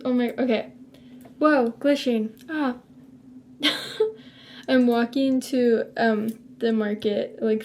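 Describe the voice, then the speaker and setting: Rambling young woman with a gravelly voice. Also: a little high, warm tone, slight background noise. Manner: rambling, lots of "like" fillers. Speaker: vlogger. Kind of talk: casual chat to camera.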